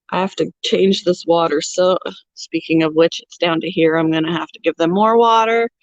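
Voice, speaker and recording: A woman with a fairly low voice hosts a casual pet vlog, chatting and laughing a lot while walking among the animal cages in her home. She speaks a little slowly with long pauses, and the lo-fi recording is dull and dry with no echo.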